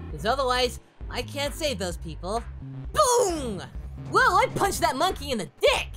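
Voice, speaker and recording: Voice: high voice, sharp tone, full character voice. A performer voicing Goku, a cheerful, dim-witted adult martial-arts hero, giving childlike, whooping commentary on a game and referring to himself in the third person. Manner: giddy, childlike, shrieks and whoops. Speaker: let's play commentator in character. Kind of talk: comedic parody game commentary.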